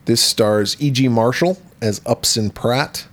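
A podcast co-host casually retells the plot of a horror film, swearing freely and doing the characters' lines in quoted voices. He has a mid-range voice and speaks a little slowly, keeping things relaxed throughout the film discussion.

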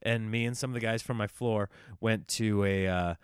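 Young guy, casual storyteller, animated and chatty, smooth voice, dry close recording. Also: lowish voice, moderate pace, dry recording. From small-town United States. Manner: animated, acts out quoted dialogue, frequent fillers and restarts.

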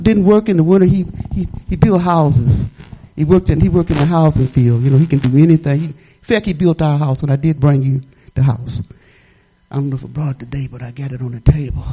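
A woman's voice: on the low side, mellow, slightly rough. An older woman pastor preaching in a chatty, rambling, folksy way, often laughing as she tells stories. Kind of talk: folksy sermon storytelling.

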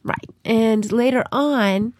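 A woman's voice: a little high, takes it slowly, a little mellow, dry recording. A woman co-hosting a podcast, talking casually and explaining her teaching methods with playful little stories. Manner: chatty, explaining with playful examples. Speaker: podcast co-host.

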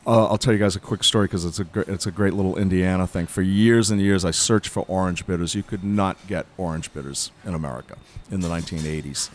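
A middle-aged man from Massachusetts telling lively stories in a casual chat, acting out the voices of the people he quotes. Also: low voice, fast. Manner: animated storyteller, acts out voices in quotes. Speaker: bar consultant and guest.

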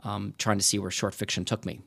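A man's voice: lowish voice, flat delivery, fairly quick, creaky, a bit bright, breathy edge. A man talking as a podcast guest, thoughtful and rambling, with many restarts. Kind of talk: casual interview conversation.

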